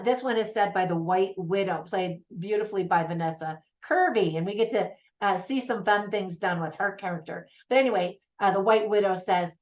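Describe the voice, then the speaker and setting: Chatty woman reviewing a film. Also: medium pitch. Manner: chatty and enthusiastic, laughs often. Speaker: movie reviewer. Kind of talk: casual spoken film review. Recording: slightly dull lo-fi sound.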